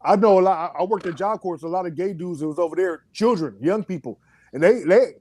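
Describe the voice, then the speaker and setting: A man with a notably high speaking voice talks loosely and profanely, spinning stories about his family. The sound is dry and close, with no room around it. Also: fast, darkish tone, dry recording. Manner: loose, profane, storytelling with acted-out quotes. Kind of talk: casual chat.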